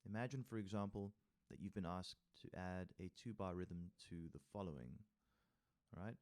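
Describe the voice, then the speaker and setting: A man's voice: low-pitched, moderate pace, darkish tone. A man teaching music theory, reading from a workbook with casual asides and counting rhythms aloud. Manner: reads text aloud, then adds casual asides and taps rhythms with sung syllables. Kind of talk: tutorial walkthrough reading from a workbook.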